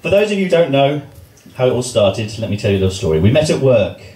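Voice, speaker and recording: English groom joking through a wedding speech. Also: male voice, medium pitch, big pitch swings, fast talker. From England. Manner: joking, self-deprecating. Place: wedding reception venue. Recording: roomy, distant, loud crowd noise.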